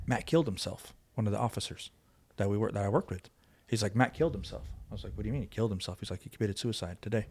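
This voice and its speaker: A former police officer guesting in a podcast studio tells his story fast and emphatically, acting out what other people said. His voice is lowish with a darkish tone.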